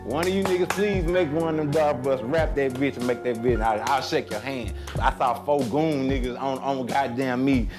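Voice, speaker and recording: A man's voice: mid-range voice, fairly even intonation, normal speed, few pauses, music in the background. A man, a rapper talking brashly and profanely about the local scene. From Dallas, Texas. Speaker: rapper interviewee. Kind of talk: profane candid reminiscing, then rapping a verse.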